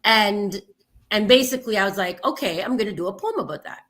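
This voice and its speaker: Bright-voiced woman performing spoken word. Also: mid-range voice, animated, a little fast. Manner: dramatic spoken-word delivery with big swings in loudness; chatty, loose and full of fillers when talking. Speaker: guest poet. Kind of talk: spoken-word poetry and casual chat.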